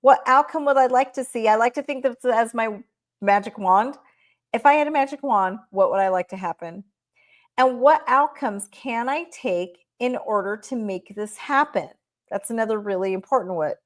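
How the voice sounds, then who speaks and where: A woman's voice: on the high side, moderate pace. A woman presenting a workplace training talk, guiding listeners step by step through questions and often checking in with "right?". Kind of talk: presentation on managing staff. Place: recorded talk shared online.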